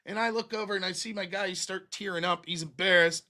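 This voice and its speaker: A man's voice: high voice, fairly even intonation, fairly quick, pushed and bright. A man hosting a live stream, ranting bluntly with lots of swearing and reading out viewer donations. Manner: profane, heated, blunt. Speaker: livestream host reading donations. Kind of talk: casual livestream rant.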